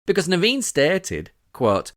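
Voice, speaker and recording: A man's voice: on the high side, wildly swooping pitch, slow pace, no echo, studio quality. A man from Britain hosting a scripted podcast, reading out witness quotes with sarcastic, indignant asides. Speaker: podcast host.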